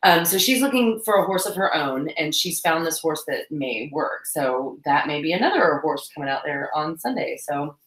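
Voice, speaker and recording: A woman's voice: low-pitched, lively intonation, moderate pace, hardly any pauses, a bit bright. A woman co-hosting a casual live-stream chat while cleaning tack, giggly and saying "y'all", stuffy from blowing her nose. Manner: chatty, giggly, says "y'all". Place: indoors at home cleaning tack. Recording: echoey room.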